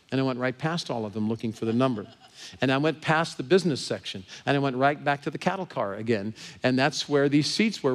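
A man with an American accent, a pastor telling a personal story from the pulpit in an animated way. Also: mid-range voice. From Southern California. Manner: animated, grows excited and laughing as story builds. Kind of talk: sermon storytelling.

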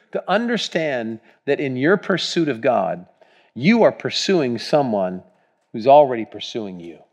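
A man preaching a sermon, reading scripture aloud with emphasis and putting questions to his congregation. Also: medium pitch. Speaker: pastor. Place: church.

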